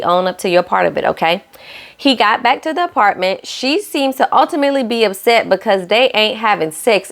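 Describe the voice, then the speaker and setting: A woman's voice: medium pitch, gravelly. A young woman giving a casual, sassy recap of a reality show, talking straight to her viewers and acting out what the cast said. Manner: acts out cast lines in shifting voices.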